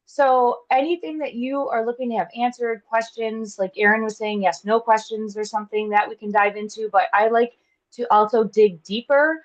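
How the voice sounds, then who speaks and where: A woman's voice: fairly high pitch, steady tone, normal speed, lo-fi sound. A woman introducing herself as a tarot reader over a video call, upbeat and eager. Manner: upbeat, eager self-presentation. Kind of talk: self-introduction on a live call.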